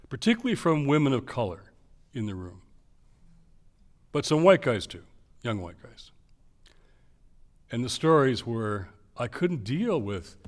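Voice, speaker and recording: An older man with a mid-pitched voice gives a lecture to a small audience. He tells his stories with animation, rising loud on key phrases and dropping low on asides, and acts out the people he quotes. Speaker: speaker giving a lecture. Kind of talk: public lecture with storytelling.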